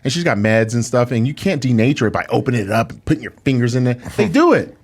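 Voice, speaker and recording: A man's voice: medium pitch, quick pace, breathy edge. A man who is a guest on a podcast, telling a story in a casual, indignant way and using a lot of filler words like "like" and "dude". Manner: animated, indignant retelling with many "like"s and "dude"s. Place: podcast studio.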